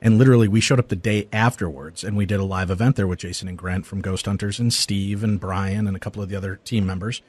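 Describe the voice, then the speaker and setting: Hombre, locutor de radio animado. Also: male voice, on the low side, quick pace, few pauses, breathy edge, no echo. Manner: animated storyteller, acts out quoted people. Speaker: radio host. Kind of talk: casual radio interview chat.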